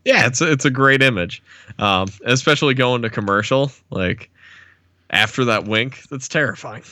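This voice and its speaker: A man's voice: mid-range voice, normal speed, sharp tone, no echo. A man co-hosting a podcast, casually talking through a TV episode, with frequent restarts and laughter. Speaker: podcast co-host.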